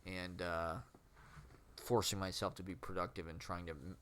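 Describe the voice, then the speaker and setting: A man's voice: low voice, level tone, normal speed, fairly bright tone, a little hiss or hum. A man vlogging in a rambling, self-questioning way, with a nasal voice, many fillers and frequent laughs. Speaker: vlogger and aspiring street poet. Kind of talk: rambling casual monologue.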